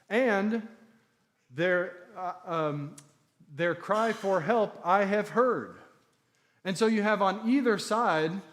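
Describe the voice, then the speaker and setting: A man's voice: high voice, fairly bright tone. Man preaching an emphatic sermon. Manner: earnest, emphatic teaching with repeated phrases.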